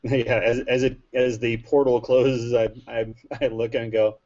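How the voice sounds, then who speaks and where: A man's voice: medium pitch, level tone, a little slow, hardly any pauses, darkish tone, highs cut off. An easygoing man playing a tabletop game in casual chat. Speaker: player.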